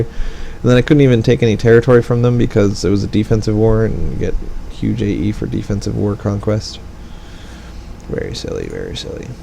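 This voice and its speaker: A let's play commentator with a lowish, creaky, warm voice rambles casually over a strategy game, tossing in wry asides. There's slight background noise, and the recording quality is low.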